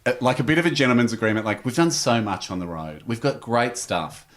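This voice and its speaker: An Australian man telling a story as a podcast guest, lively, with big pitch jumps when he acts out quotes. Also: fast. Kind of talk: animated storytelling.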